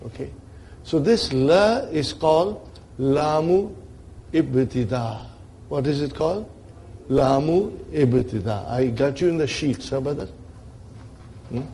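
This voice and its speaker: A man's voice: mid-range voice, dark tone, a little hiss or hum. A man teaching an Arabic grammar lesson to a class, checking in with his students often and acting out the grammar as characters.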